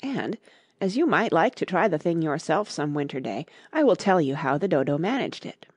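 A woman narrating a classic storybook in a clear, measured reading. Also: low voice, expressive, no room sound. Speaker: audiobook narrator.

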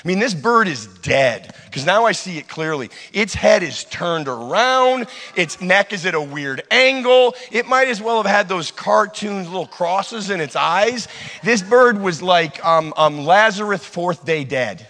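A man preaching a sermon, telling a personal story in an animated way that swings between loud and hushed. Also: sits high, a little slow. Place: church hall. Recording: long hall reverb.

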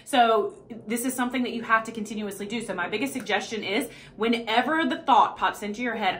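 A woman fitness coach talks straight to the camera in a casual motivational vlog, cursing freely and hammering her points home. Her voice sits fairly high and sounds bright and forceful. She keeps tagging her lines with "okay?" and "right?". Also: fast talker. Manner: blunt and profane, emphatic; repeats "okay?" and "right?" to check in.

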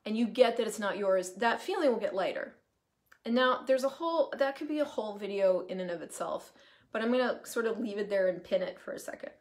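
A woman hosting a casual live stream, talking in an animated way with the odd swear word and drifting into asides, in the middle of her usual pitch range. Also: brisk. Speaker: host, coaching facilitator.

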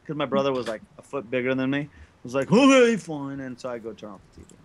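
A man co-hosting a casual gaming podcast, telling childhood stories and acting out the quotes loudly. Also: mid-range voice, fairly even intonation, very fast. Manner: storytelling, acts out quotes loudly. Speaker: podcast co-host. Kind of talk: casual group chat.

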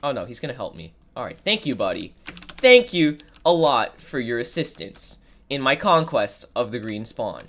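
Her voice rumbles low with a sing-song lilt at a moderate pace as this female gaming creator narrates her play. Congested and nasal from illness, she piles on sarcasm, exclamations, and over-the-top fake grievances.

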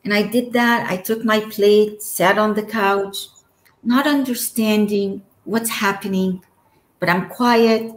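A woman in her forties from Egypt tells her personal story slowly and earnestly. Her words carry a little roomy echo, and her middle-pitched voice breaks into the odd quick giggle. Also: fairly even intonation. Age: 40s. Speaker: guest telling her near-death story. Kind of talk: emotional personal testimony.

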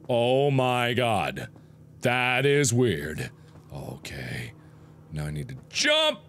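Animated young man doing game commentary. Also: medium pitch, a little slow. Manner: playful, jokey, exclaiming and shouting in surprise. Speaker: gaming video host.

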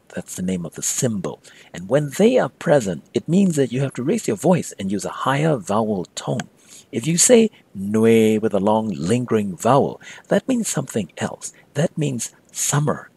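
A man teaching a language lesson as an instructor, repeating example phrases slowly and carefully. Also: medium pitch, gravelly, a little mellow, slightly rough.

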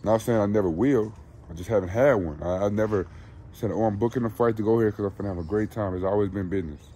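Blunt, low-voiced man vlogging outdoors. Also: a little mellow, slight background noise. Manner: blunt, preachy, urges viewers repeatedly. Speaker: dog breeder and vlogger. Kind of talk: casual motivational vlog talk. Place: outdoors at a dog kennel.

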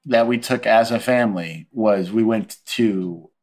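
A man's voice: fairly low pitch, unhurried. A man in his forties, a guest on a casual podcast chat, telling comedic stories and acting out the voices of the people in them. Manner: animated storyteller who acts out quoted voices.

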